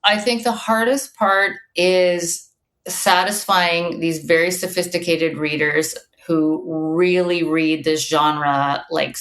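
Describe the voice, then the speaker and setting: A woman's voice: on the low side, steady tone, slow pace, fairly bright tone. A woman guest author chatting casually on a podcast. She tells stories with plenty of fillers like "you know" and "um.". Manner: chatty, storytelling with many fillers.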